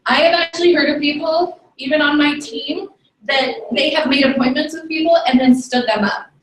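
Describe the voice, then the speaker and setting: A woman's voice: sits high, moderate pace, recorded from a distance, a little hiss or hum. A woman giving a firm motivational training talk to her sales team in a meeting room, scolding and often checking in with "okay?". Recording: echoey room, recorded from afar.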